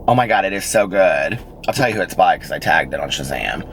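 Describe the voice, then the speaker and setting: A middle-aged man tells a story in a casual vlog. His voice sits low, and he jumps up in pitch to act out other people. A faint hum runs underneath. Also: a little fast, low-quality recording. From United States. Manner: chatty, animated, acts out quoted people in raised voices. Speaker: vlogger.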